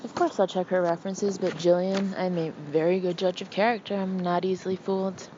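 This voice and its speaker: A woman voicing a brisk, bossy middle-aged lady of the house who speaks in high-pitched exclamations. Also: flat delivery, dark tone, muffled recording, slight background noise, lightly acted. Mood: breezy.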